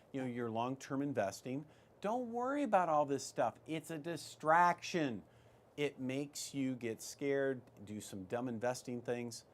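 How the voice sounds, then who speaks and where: Chatty man with a higher voice. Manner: chatty, rambling, with many fillers and restarts. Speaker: financial advice show host. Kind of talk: casual retirement-investing advice talk.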